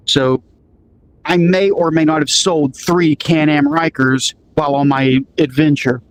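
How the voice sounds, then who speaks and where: A man's voice: a little high, a little fast, poor audio. A man telling a story casually, acting out what each person said with lots of "he goes" and "I'm like". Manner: acts out quoted dialogue, lots of "I'm like" and "he goes".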